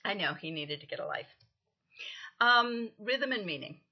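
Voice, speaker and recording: A woman lecturer giving a recorded lesson, explaining things patiently, counting out stresses and often pausing with "um". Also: medium pitch, lively intonation, dull audio. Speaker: literature lecturer.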